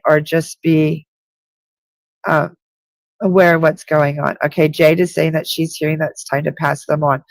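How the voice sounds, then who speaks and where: A woman hosting a live psychic reading session, her voice gravelly with a dry, close sound. She speaks directly to each listener and repeats key points for emphasis. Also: lowish voice, dry recording. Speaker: psychic reader. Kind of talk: live-stream intuitive reading.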